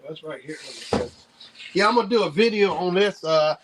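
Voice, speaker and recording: A live stream host answering a guest in casual chat, with short laughs and relaxed replies. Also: mid-range voice, brisk. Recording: noisy live stream audio.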